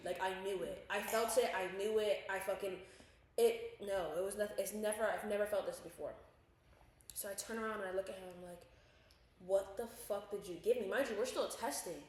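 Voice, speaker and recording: On a casual podcast, a young female co-host tells a story in an animated way, swearing freely and acting out what people said. Her pitch is middle, she talks fairly quickly, and the room echoes heavily.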